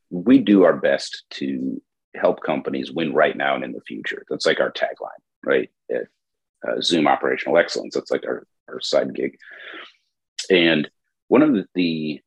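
Very deep, husky-voiced podcast host man. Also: dry recording, lo-fi sound. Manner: measured, reflective, with frequent fillers. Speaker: podcast host, operations consultant. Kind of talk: casual podcast conversation.

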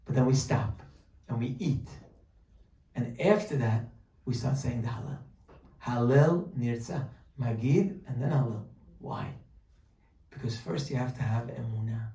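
A man's voice: medium pitch, a little slow, long pauses, darkish tone. A man teaching a religious class, telling a story with humorous asides and explaining Hebrew terms as he goes. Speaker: Torah teacher. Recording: roomy echo, voice from a distance.

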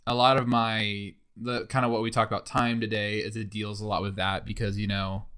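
Rambling, lower-voiced podcast co-host man. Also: fairly quick, smooth. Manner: rambling, excitable storytelling with many fillers. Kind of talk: casual chat. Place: in person in a shared room.

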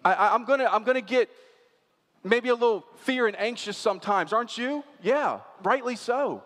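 A man's voice: very high-pitched, lively intonation, normal speed, a bit bright, in a large hall. A man preaching a sermon as pastor, talking conversationally and asking the congregation rhetorical questions.

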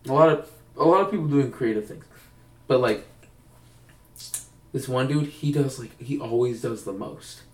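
A man's voice: medium pitch, moderate pace, long pauses. A young man telling rambling stories in casual chat, co-hosting a podcast. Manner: rambling, acts out quoted voices. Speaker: podcast co-host. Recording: roomy, distant mic.

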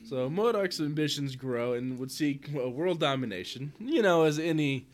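A man's voice: on the high side, lively intonation, moderate pace, a little hiss or hum. A man co-hosting a casual comic-book podcast, reading out plot points with dry, wry jokes. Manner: dry, wry remarks, laughs while reading out the story. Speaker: podcast co-host. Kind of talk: casual chat recapping comics.

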